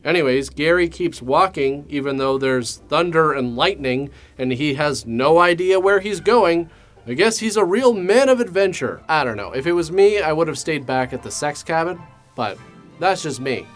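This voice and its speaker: A man hosting a comedic movie review, talking with sarcastic, deadpan asides. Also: a little high, normal speed, faint music behind.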